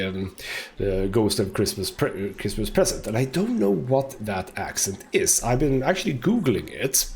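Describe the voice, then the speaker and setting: A man giving chatty, wry commentary as he plays a video game, laughing often. His voice is mid-pitched and very lively in melody, with a faint hiss behind it. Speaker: gaming host. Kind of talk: let's play commentary.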